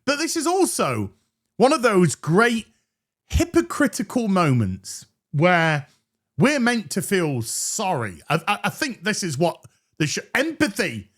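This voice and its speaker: A man's voice: high voice, wildly swooping pitch, a little slow, a bit bright. A man hosting a TV review show, ranting sarcastically with crude jokes and stammered restarts. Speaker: host reviewing a TV episode.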